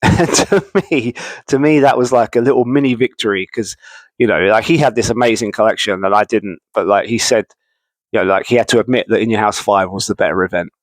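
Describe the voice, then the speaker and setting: Low-voiced man reminiscing casually. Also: a little fast, no echo, low-quality recording. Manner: rambling, lots of fillers and restarts. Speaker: wrestling video host. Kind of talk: casual nostalgic monologue.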